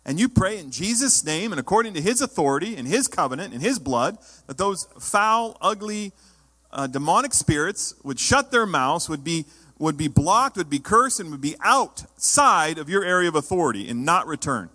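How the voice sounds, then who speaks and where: A man preaching a sermon as pastor, emphatic, sometimes rising to loud exhortation. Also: fairly high pitch, sing-song, brisk, in a large hall.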